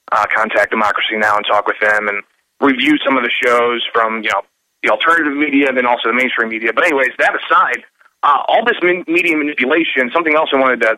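Male radio caller: halting and filler-heavy, with a sharp, bright edge. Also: mid-range voice, dry recording, rough recording. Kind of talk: call-in radio conversation.

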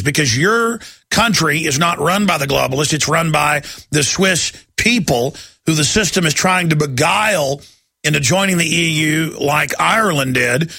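Male call-in radio host: combative, gravelly ranter, bright and dry. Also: fairly high pitch, no echo. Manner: combative, ranting, rapid-fire. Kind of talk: heated call-in radio talk.

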